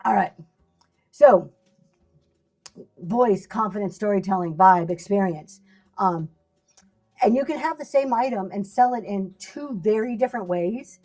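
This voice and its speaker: A woman's voice: medium pitch, a little slow, pauses often, darkish tone, soft background music. A middle-aged woman teaching live selling in a casual livestream, chatty and laughing often, speaking to viewers by name.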